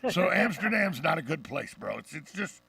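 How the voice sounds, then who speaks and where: A middle-aged man from the Deep South with a Southern accent, hosting a radio talk show with brash, joking banter. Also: sing-song, creaky, bright, forceful tone, husky, dry recording, distant mic. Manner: brash, joking, fast-talking storyteller.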